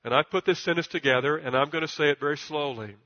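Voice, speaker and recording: Emphatic preacher man, long hall reverb. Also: fast. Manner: emphatic, builds to loud high peaks, repeats words; stutters at times. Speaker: pastor. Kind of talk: sermon. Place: church. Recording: dull recording with long church reverb.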